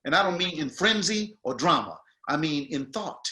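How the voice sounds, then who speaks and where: A man's voice: a little high, animated, moderate pace, pushed and bright. A man coaching actors in a masterclass, talking in a colloquial, emphatic, slangy way. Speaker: acting teacher.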